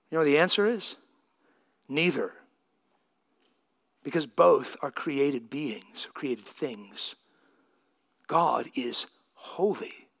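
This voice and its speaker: A man preaching a sermon as pastor, reading scripture and building to emphatic, shouted peaks. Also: high-pitched. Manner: emphatic, swelling to shouts on key lines.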